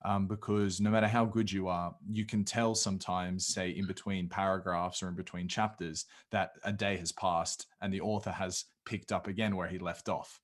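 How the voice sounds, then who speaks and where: A man with an Australian accent hosting a podcast, asking questions in a conversational, slightly halting way. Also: low voice, little pitch movement. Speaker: podcast host. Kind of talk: interview questions.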